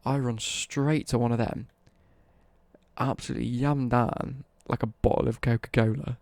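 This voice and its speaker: Young English male streamer, dark husky gravel, casual rambling anecdote, swears freely. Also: medium pitch, fairly even intonation, moderate pace, no room sound. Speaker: livestreamer. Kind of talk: casual storytelling on a livestream.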